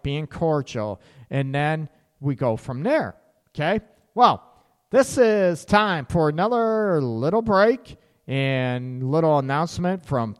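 A male radio host giving relationship advice in a blunt, sarcastic way, swearing casually. His voice sits a little high and swings widely in pitch. The recording carries a long, ringing reverb.

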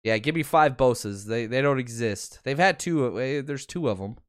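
A man hosting a podcast, talking excitedly through game film and addressing his viewers. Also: mid-range voice, moderate pace, smooth, no room sound, clean studio sound. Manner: excitable, swears, talks to viewers. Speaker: podcast host. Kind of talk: film breakdown commentary.

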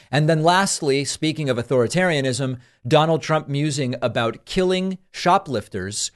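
A man hosting a political commentary show, sarcastic and incredulous as he reacts to clips. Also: medium pitch.

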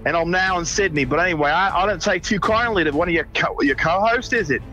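A man's voice: high-pitched, fast talker, bright, forceful tone, faint music behind, voice pushed up. A man putting on a huffy prank caller. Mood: indignant. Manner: huffy, indignant, hesitant. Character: blustering prank caller man, shifting fake accents. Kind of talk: comedic put-on call-in voice.

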